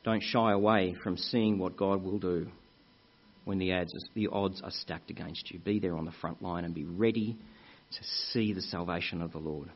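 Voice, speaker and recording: Husky-voiced male preacher, lo-fi recording. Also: low-pitched, steady tone, moderate pace. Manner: earnest, addresses congregation as brethren, tells anecdotes. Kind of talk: sermon. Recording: muffled lo-fi recording.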